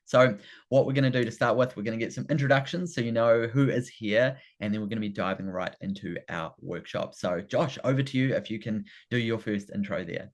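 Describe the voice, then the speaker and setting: A man's voice: lowish voice, fairly quick. A man with a New Zealand accent hosting a live online workshop, eagerly greeting people and repeating words like fantastic and amazing. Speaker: workshop host. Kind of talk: upbeat live webinar hosting. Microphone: video call.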